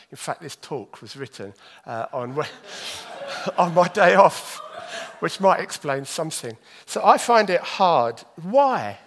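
Male preacher, higher-pitched, animated and self-deprecating, deliberate scripture reading. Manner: animated, self-deprecating, moves his arms as he talks; reads scripture slowly and deliberately. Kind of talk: sermon.

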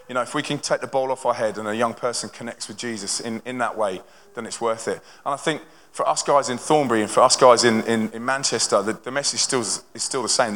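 A young man from a touring Christian band, telling stories to a church audience in an energetic, conversational way with lots of restarts. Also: mid-range voice, a little hiss or hum. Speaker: touring Christian band member speaking to a congregation. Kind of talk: live testimony talk to an audience. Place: church hall with a live audience. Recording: long hall reverb from a large venue.

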